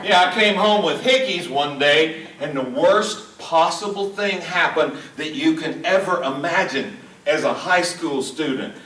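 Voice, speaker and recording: A middle-aged male comedian with a high, bright voice delivers a folksy stand-up set. He pokes fun at himself and teases the crowd. The sound is roomy and distant, like a small auditorium picked up from across the room. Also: measured pace. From Hot Springs, Arkansas. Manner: folksy, self-deprecating, teasing the crowd. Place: small auditorium at a senior living community. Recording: echoey room, mic heard from a distance.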